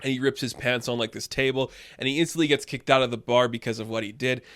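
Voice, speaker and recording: A man giving a casual, rambling recap and review of a TV episode, with lots of fillers and excited asides. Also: medium pitch, fast.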